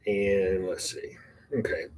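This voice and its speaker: An older man from Texas, rambling and halting as he chats casually and rehearses his stand-up, poking fun at himself. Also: low voice, little pitch movement, darkish tone, slight background noise. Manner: rambling, halting, self-deprecating. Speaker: amateur stand-up comedian.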